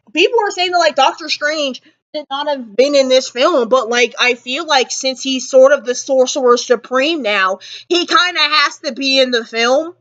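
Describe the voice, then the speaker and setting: A woman's voice: high voice, a bit bright, dull audio. A woman vlogger rambling emotionally about a film she just saw, repeating herself often. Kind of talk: casual movie reaction ramble.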